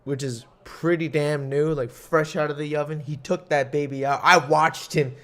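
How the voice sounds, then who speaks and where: A man's voice: a little high, steady tone, moderate pace, fairly bright tone. A young man hosting a casual solo podcast, rambling and swearing with jokes, coughing now and then. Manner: rambling, profane, jokey. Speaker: podcast host.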